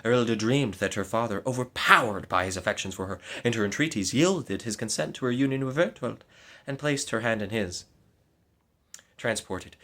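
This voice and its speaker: A man narrating a gothic story aloud in a measured, dramatic storytelling manner. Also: mid-range voice, a bit bright.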